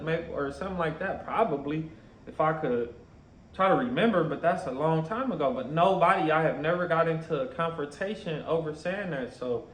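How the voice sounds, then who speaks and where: Man, slightly high pitch, reaction commentary, animated, says bro a lot, echoey room. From Los Angeles area. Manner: animated, laughing, repeats "bro". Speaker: streamer reacting to a clip. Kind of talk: casual commentary. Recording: roomy echo.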